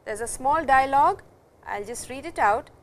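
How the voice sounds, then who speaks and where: Woman teaching, slow example sentences. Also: high-pitched, expressive, fairly bright tone. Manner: explanatory, repeats example sentences slowly. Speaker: language teacher. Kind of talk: classroom lecture.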